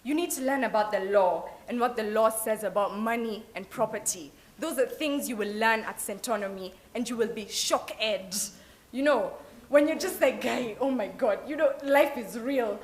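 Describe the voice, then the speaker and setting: A young Kenyan woman giving a lively motivational talk at an open day, mixing in Swahili phrases. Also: fairly high pitch, normal speed. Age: young adult. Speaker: alumna speaker. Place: event hall at an open day.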